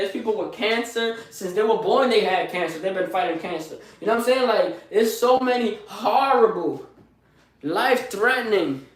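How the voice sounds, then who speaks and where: A man giving a loud, preachy motivational pep talk in his small home gym, repeating his lines and calling to his viewers. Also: high voice. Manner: loud and preachy, repeats phrases, says y'all a lot. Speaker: motivational live streamer. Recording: very echoey room, mic far off.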